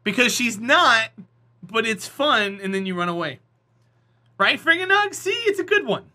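A man's voice: very high-pitched, big pitch swings, moderate pace, pushed and bright. A man live streaming, chatting casually with his viewers and teasing them with jokes. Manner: joking, teasing, laughs often.

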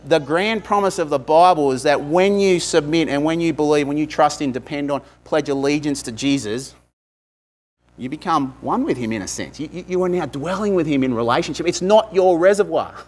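A man, a pastor, giving a conversational sermon, with frequent asides to the congregation. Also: fairly high pitch.

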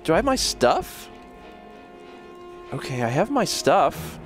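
A male game streamer with a high, very animated voice, rambling excitably and yelping as he plays. His delivery swings widely in pitch, and faint game music plays in the background. He talks straight to his audience in loose, playful live commentary. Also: slow. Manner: excitable, yelps and laughs, rambles.

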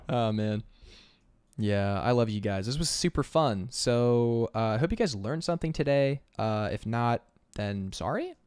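A man's voice: medium pitch, expressive, a little slow, darkish tone, clean tone, no room sound. Upbeat chatty man streaming. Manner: upbeat, chatty, laughs often. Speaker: concept artist streamer. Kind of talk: casual livestream chat.

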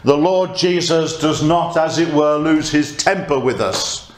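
A man's voice: a little high, a little slow. A man preaching a conversational sermon and reading scripture aloud. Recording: echoey church room.

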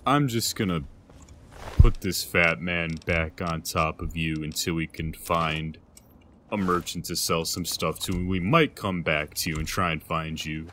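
Rambling low-voiced gaming host. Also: male voice, unhurried, pushed and bright, a little hiss or hum. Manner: rambling, self-deprecating, many hesitant fillers. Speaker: let's play host. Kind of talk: casual gameplay commentary.

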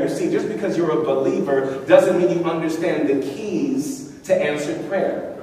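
A man's voice: fairly high pitch, expressive, measured pace, warm tone, far from the mic, a little hiss or hum. Preacher man in an echoey hall. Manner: emphatic, call-and-response preaching with acted-out quotes. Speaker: pastor. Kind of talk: sermon. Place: church hall. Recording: echoey hall, mic from afar.

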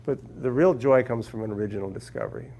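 A man's voice: medium pitch, fast, mellow. A man from Minnesota speaking to a class as a guest scientist, telling humorous stories and often repeating words as he finds them. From Minnesota, USA. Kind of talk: anecdotal talk to a class. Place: lecture room with a live audience.

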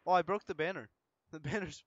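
Excitable gloating male gamer. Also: high voice, brisk, dull audio, background noise. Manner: excitable, gloating, laughs often. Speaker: gaming channel host. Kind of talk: casual gameplay banter.

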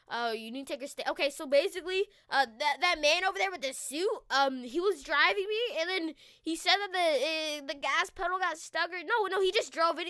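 A woman hosting a gaming channel, chatting casually and excitably through a roleplay, stammering and slangy when alarmed. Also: high-pitched, no echo, studio quality. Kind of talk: casual roleplay commentary over gameplay.

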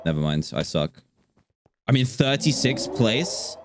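A man's voice: medium pitch, very animated, measured pace. A man giving live commentary on his own gameplay, bursting out in exasperated, self-mocking remarks. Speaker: streamer. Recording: audible background noise.

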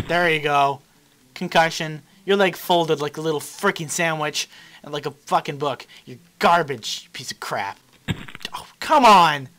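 A young man commentating his own gameplay, swinging between mutters and frustrated yells, swearing at the game. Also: on the high side, a little slow. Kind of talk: let's play commentary.

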